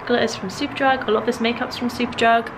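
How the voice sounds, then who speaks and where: A young British woman vlogging to the camera from her room at home, chatty and giggly, her voice slightly hoarse. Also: on the high side, flat delivery, fast talker, background noise. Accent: British English. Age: young adult. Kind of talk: casual vlog chat. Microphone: camera mic, filming herself.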